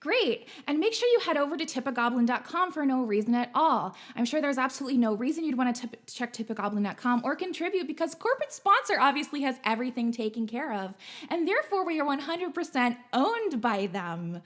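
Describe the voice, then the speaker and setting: A woman hosting a livestreamed variety show, reading a mock sponsored ad with an over-bright, satirical salesy delivery. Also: high-pitched, sing-song, brisk.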